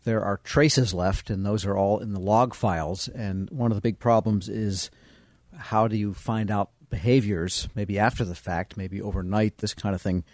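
A man with a lowish voice moderates a panel discussion. He poses questions to each guest in turn. The sound is dry and close. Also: fairly even intonation, moderate pace, darkish tone, dry recording. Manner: inquisitive, guiding questions.

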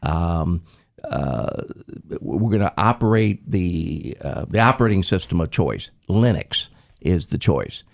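A man, a former government IT leader, explaining his approach in a measured, methodical way with frequent ums and restarts. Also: sits low, animated, creaky. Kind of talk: reflective interview answer.

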